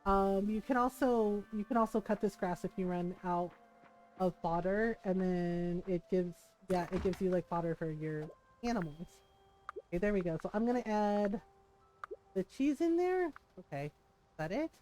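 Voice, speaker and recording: A woman's voice: mid-range voice, expressive, moderate pace, a little mellow, slight background noise, poor audio. A woman streaming a farming game, chatting casually and telling stories while she plays, acting out quotes and laughing often. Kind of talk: casual chat while gaming.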